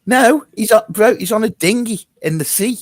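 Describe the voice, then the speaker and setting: A man's voice: high-pitched, moderate pace, dry recording. A man in a casual online group chat, telling a story animatedly and swearing.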